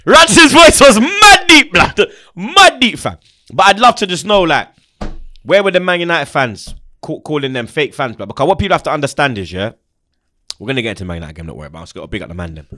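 A young man who hosts a football channel trades casual, animated banter about the game, laughing freely and peppering his talk with slang and swearing. He speaks quickly in a mid-pitched voice, recorded close and dry with no echo.

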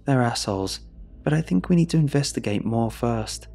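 A man's voice: mid-range voice, lively intonation, normal speed, vocal fry, mellow, soft background music. A man voicing an earnest, cautious young boy who talks politely and eagerly.

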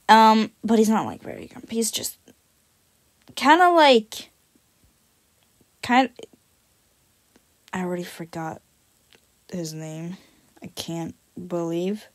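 A woman's voice: mid-range voice, a little slow, long pauses. A woman on a video channel casually describing her drawn cat characters, rambling and self-deprecating, with many fillers and some casual swearing.

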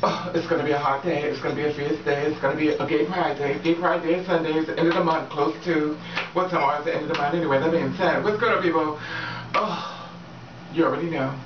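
Talking fast in a low-pitched, fairly even voice, a woman vlogger shares straight-talking relationship advice, swearing freely and laughing often. The sound is echoey, with a distant, dull mic and faint background noise.

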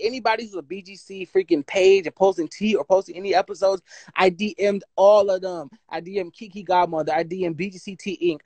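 A woman, telling her story on a phone livestream in a blunt, profane, animated way and reading out text messages. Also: lowish voice, no echo.

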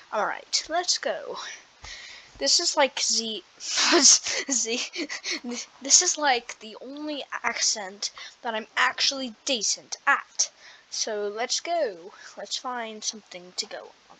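Casting note: woman, gaming vlog host, higher voice, unhurried rambling delivery, self-deprecating, quick to laugh. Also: animated, pushed and bright, poor audio. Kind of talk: casual gaming vlog chat.

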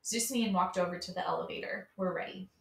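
A woman reading a novel aloud in a steady storybook manner. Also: fairly low pitch, fast talker, gravelly. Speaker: read-aloud reader. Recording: roomy, from a distance.

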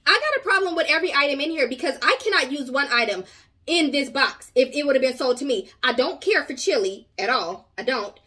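A woman's voice: high voice, lively intonation, brisk, pushed and bright. A woman hosting a commentary channel, giving sassy, outspoken reactions.

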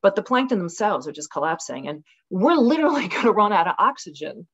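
A woman's voice: medium pitch, fast, breathy edge, highs cut off. A woman guest author talking casually and animatedly in an interview over a video call from her rural home. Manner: animated, acts out voices with laughs.

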